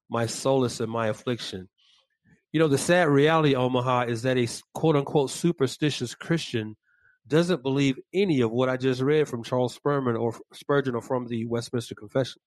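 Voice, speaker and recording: Male podcast co-host, deliberate and measured, mid-pitched, dry close sound. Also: steady tone, no echo. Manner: measured, deliberate, reads quotes slowly. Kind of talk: Christian podcast discussion.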